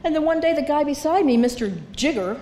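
An older woman with a high voice talks fast as she shares her recovery story at a meeting hall. She tells it with self-mocking humor and acts out other people's voices, in a reverberant hall with faint background noise.

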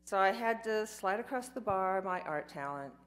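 A woman's voice: mid-range voice, lively intonation, normal speed, fairly bright tone. An older woman telling her life story in a candid, rambling way, with self-mocking asides. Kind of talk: personal storytelling talk.

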